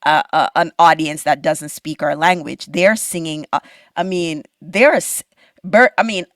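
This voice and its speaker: A woman's voice: low-pitched, moderate pace, fairly bright tone, no echo, studio quality. A woman hosting a podcast, speaking in a thoughtful, somewhat hesitant way in casual conversation. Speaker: podcast host.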